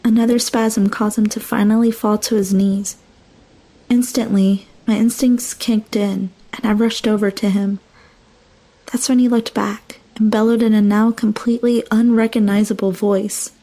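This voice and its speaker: Mellow woman narrating a horror story. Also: medium pitch, little pitch movement, normal speed.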